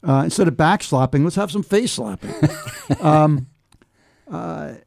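A man's voice: fairly high pitch, lively intonation, a little slow, vocal fry, darkish tone. An American man talking casually with friends, laughing often and restarting with many fillers. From United States. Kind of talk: casual chat.

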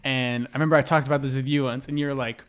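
A man's voice: mid-range voice, fairly even intonation, very fast, smooth. A young man guesting on a podcast who tells stories in casual chat and fills his sentences with "like". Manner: chatty storyteller, lots of "like".

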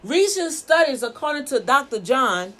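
A woman's voice: high voice, big pitch swings, moderate pace, a bit bright. A woman minister and show host, preaching emphatically with rhetorical questions and repeated words. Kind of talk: preaching talk.

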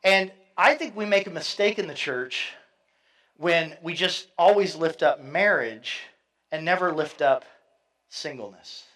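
A man's voice: a little high, measured pace, a bit bright, rough recording. A middle-aged man preaching a sermon in a conversational way, with fillers and asides, reading scripture aloud. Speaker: pastor.

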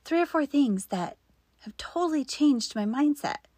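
A woman in her fifties telling a personal faith story in an earnest way, sometimes dropping into soft whispered asides. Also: high voice, lively intonation, unhurried, dry recording, clean studio sound. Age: 50s.

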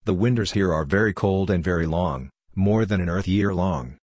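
A man doing a measured, cagey airship owner. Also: deep voice, darkish tone, no echo, studio quality. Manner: measured, thoughtful.

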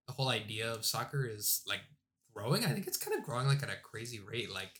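A man's voice: lowish voice, sing-song, quick pace, a bit bright. A young man chatting casually, laid-back, with lots of filler words. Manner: laid-back, heavy use of "like". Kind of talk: casual chat.

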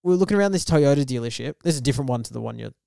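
A young man, co-hosting a podcast and telling a story in lively casual chat, acting out the voices of the people in it. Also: medium pitch, very fast, vocal fry, clean tone, no room sound, clean studio sound. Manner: animated storyteller, acts out quoted voices. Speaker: podcast co-host.

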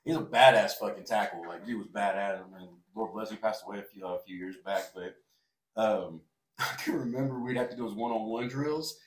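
A man's voice: on the low side, fairly quick. Laughing, rambling man in an echoey room. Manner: rambling storyteller, laughs often, swears freely. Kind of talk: casual podcast chat. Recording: roomy echo.

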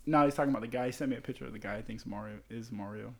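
A man's voice: mid-range voice, racing, creaky. A young man telling rambling, profane stories to friends in a casual chat, laughing at his own jokes.

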